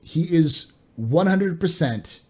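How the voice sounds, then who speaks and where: A man's voice: a little high, expressive, slow, a little mellow, slightly rough. A man hosting a live stream, chatting casually and often stumbling over and repeating his words.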